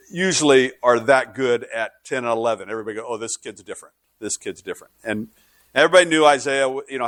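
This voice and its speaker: A man's voice: medium pitch, a bit bright, no room sound. A male pastor preaching a sermon, telling stories in a conversational way and building to fervent preaching.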